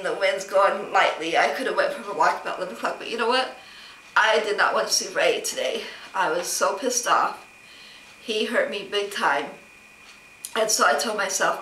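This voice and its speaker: A woman's voice: mid-range voice, pushed and bright, distant mic, slight background noise. A woman vlogger telling a long, rambling story about being snubbed, with an aggrieved tone and plenty of quoted back-and-forth. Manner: rambling, aggrieved retelling with many quoted exchanges. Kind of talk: casual personal storytelling vlog. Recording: roomy, off-mic with faint ambience.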